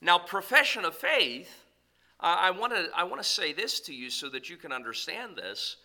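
Man preaching with a bright, lively voice. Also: high voice, normal speed. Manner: emphatic, repeats key points; conversational with asides to the congregation. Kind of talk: sermon.

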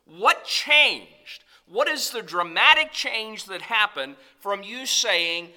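A man's voice: high voice, lively intonation, slow, few pauses, sharp tone. A man preaching a sermon, emphatic and conversational, repeating key points and turning to address the congregation directly.

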